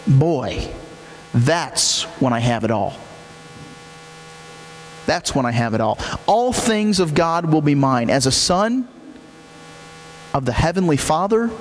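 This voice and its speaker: A male pastor preaches with a lively, swooping delivery, leaning hard on repeated key phrases. His voice sits a bit high for a man and carries a long echo through a large church hall. A faint electrical hum runs underneath. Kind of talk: sermon.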